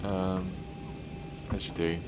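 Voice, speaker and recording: A man's voice: deep voice, little pitch movement, slow, loud music behind the voice. A British man chatting casually to viewers during a flight sim live stream, rambling and self-deprecating as he works.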